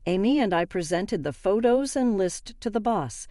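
An older woman reading a dramatic family story aloud in a steady, even manner. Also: mid-range voice, moderate pace, hardly any pauses, dry recording, clean studio sound. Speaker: narrator. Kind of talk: scripted story narration.

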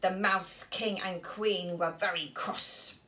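A woman storyteller at a nursery reading a picture book aloud to young children, animated and asking them questions. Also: lowish voice, takes it slowly.

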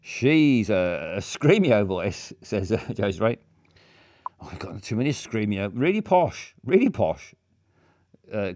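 A man's voice: on the low side, a little mellow. A man streaming a game, describing a character in a rambling, hesitant way full of fillers. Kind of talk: casual game commentary.

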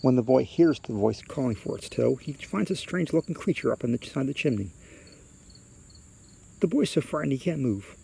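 A man reading a spooky story aloud in a hushed, suspenseful way. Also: mid-range voice, animated, fairly quick, creaky, slightly rough.

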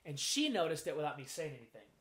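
A man with a slightly high voice and a quick pace candidly recounts his own story in an interview, animated and frank, performing what other people said in their voices.

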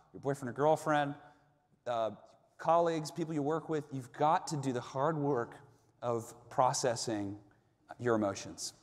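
Preaching man in a reverberant hall. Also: fairly high pitch. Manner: earnest, conversational preaching with direct address to the congregation. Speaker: pastor. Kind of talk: sermon.

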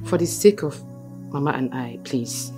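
A young Nigerian sister with a low, unhurried voice, earnest and imploring. Her Nigerian English accent comes through as she talks. A film score plays clearly behind her. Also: lively intonation. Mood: pleading. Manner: earnest, pleading. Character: young woman pleading with her distressed brother. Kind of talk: Nollywood film acting. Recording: soft music in the background.

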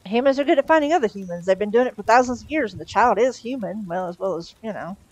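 A woman's voice: medium pitch, expressive, fast, no echo, voice pushed up, lightly acted. A woman voicing a fussy, polite male angel in a novel read aloud, with a hesitant, prim manner. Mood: earnest.

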